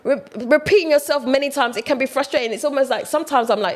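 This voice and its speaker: A woman with a British accent, talking casually to camera in a chatty, animated way. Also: high voice, fast talker. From United Kingdom. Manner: chatty, animated, mimics other voices. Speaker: vlogger.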